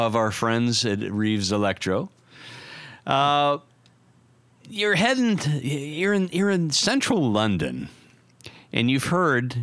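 A man's voice: mid-range voice, a bit bright, no echo. A man hosting a podcast, telling a long, silly game scenario in a playful, casual way. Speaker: podcast host. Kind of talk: casual storytelling chat.

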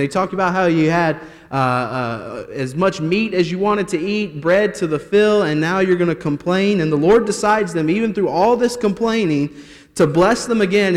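Man preaching in an echoing church. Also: sits high. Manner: earnest, reads scripture aloud in King James wording. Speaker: assistant pastor. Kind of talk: sermon with scripture reading. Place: church sanctuary.

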